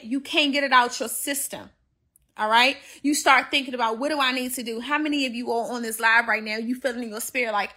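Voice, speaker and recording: A woman's voice: high-pitched, pushed and bright. A woman hosting a motivational livestream, talking straight to her listeners in a preachy, repetitive way. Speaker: host of a motivational show.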